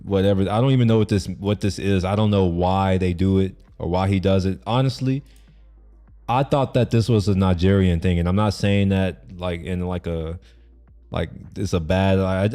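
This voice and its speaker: Soft background music accompanies a man's low-pitched, dark voice, which keeps a fairly even intonation at a normal speed. He streams a video reaction, rambling loosely, laughing frequently, and stumbling through lots of fillers and restarts.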